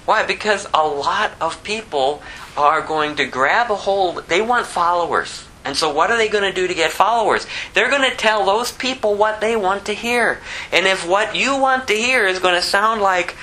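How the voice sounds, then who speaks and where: A man preaching a conversational sermon, asking rhetorical questions and dropping low to act out quotes. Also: moderate pace, pushed and bright, slight background noise, poor audio. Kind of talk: expository sermon.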